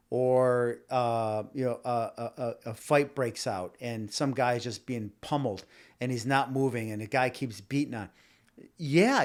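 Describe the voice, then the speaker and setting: A man hosting a podcast, talking in a rambling, argumentative monologue that stumbles and repeats words as he addresses live viewers. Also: medium pitch. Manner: talks directly to live viewers. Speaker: podcast host. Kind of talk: casual opinion monologue.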